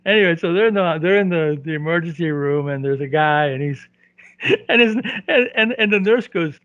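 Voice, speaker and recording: A man's voice: on the high side, lively intonation, normal speed, a bit bright, no echo, lo-fi sound. A man co-hosting a casual movie review podcast, rambling and jokey with frequent chuckles. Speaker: podcast co-host.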